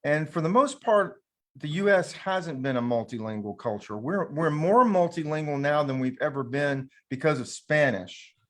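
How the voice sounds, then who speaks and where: A man with a Southern American accent hosts a casual panel talk, his voice sitting a little high. He speaks in a folksy, conversational way, often restarting his sentences as he thinks aloud. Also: expressive, moderate pace, a bit bright. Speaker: panel host and teacher.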